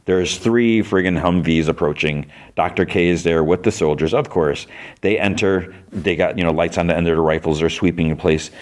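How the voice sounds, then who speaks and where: A man's voice: low voice, fairly even intonation, moderate pace, a little mellow. A man hosting a podcast, recapping a TV episode in a casual, rambling way, full of fillers and restarts, acting out the characters' lines. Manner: rambling, many fillers and restarts, acts out quotes.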